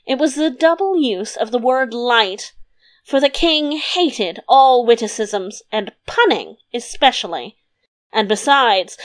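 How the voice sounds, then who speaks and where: A woman reads a fairy-tale chapter aloud at an unhurried pace. Her voice sits a little high and stays gentle and even through the narration. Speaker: audiobook narrator. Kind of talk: storybook narration.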